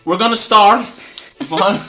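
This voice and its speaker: A man's voice: high-pitched, fairly even intonation, normal speed, bright, forceful tone, soft background music. A man for whom English is not his first language, hosting a casual cooking stream in a brash, teasing, mock-boastful way. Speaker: cooking show host.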